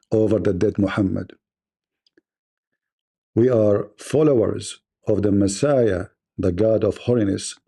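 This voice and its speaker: Gravelly, taunting man on a livestream. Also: lowish voice, dark tone. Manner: mocking, taunting, combative. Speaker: livestream debate host. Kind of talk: provocative livestream monologue.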